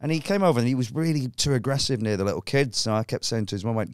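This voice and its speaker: Animated male comedian telling a story. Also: medium pitch, quick pace, clean tone, no echo, studio quality. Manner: animated storyteller who acts out scenes. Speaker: comedian guest. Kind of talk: casual podcast chat.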